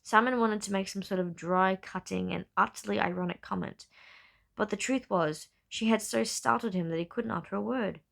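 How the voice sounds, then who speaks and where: Woman with a gravelly fry, reading a novel aloud. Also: medium pitch, moderate pace, a bit bright. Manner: unedited reading with slips and self-corrections. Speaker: narrator. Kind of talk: hobby audiobook-style novel reading.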